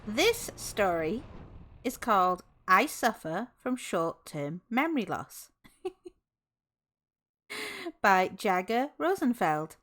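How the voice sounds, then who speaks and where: A woman's voice: mid-range voice, sing-song, takes it slowly, pauses often, a bit bright. A woman streamer chatting casually with her viewers, bubbly and giggly, laughing often.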